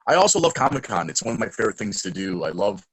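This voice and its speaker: A young man, a guest in a casual interview, telling stories excitedly and acting out quotes loudly. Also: fairly low pitch, fast, breathy edge, no echo, rough recording.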